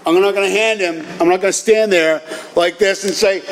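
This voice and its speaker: High-voiced middle-aged man. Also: a little fast. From Boston area, USA. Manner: animated storytelling with casual profanity. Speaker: recovery meeting speaker. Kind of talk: personal storytelling talk. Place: meeting hall. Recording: echoey hall with faint ambience.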